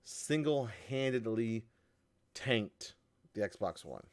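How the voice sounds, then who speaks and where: A man co-hosting a casual gaming podcast, animated and laughing, often tripping over his words. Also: medium pitch, normal speed. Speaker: podcast co-host. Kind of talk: casual chat.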